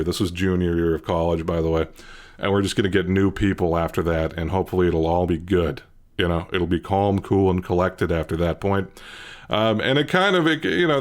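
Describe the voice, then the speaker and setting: A young man hosting a casual vlog, telling a story in an animated, swearing way and climbing loud when he quotes himself. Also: on the low side. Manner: animated, profane, rising to near-shouting when quoting himself. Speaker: channel host.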